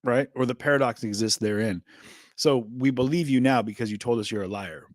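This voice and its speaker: A man's voice: medium pitch, a little fast, dry recording, clean studio sound. A man hosting a live stream, musing casually about a trial and answering viewers in the chat, with lots of ums and restarts. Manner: rambling, filler-heavy, reads chat aloud. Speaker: livestream host.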